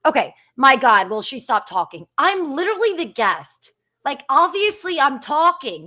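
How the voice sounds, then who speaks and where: A woman in her thirties holds forth as a guest on a live stream, fired up and cursing freely. Her voice sits high and swings widely in pitch, with a bright, sharp edge. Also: very animated, normal speed. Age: 30s. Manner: fired up, ranting with profanity. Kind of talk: heated live-stream chat.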